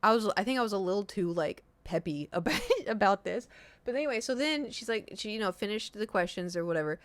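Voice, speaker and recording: A woman's voice: medium pitch, quick pace, no room sound. Rambling woman in her thirties streaming. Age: 30s. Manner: rambling, animated storytelling with restarts and swearing. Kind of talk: casual live-stream chat.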